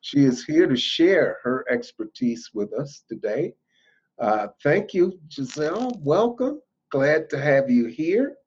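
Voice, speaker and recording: A man hosting a podcast interview, who introduces his guest slowly and deliberately. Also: mid-range voice, animated, darkish tone, husky. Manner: slow, deliberate delivery. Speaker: podcast host. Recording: dull lo-fi audio.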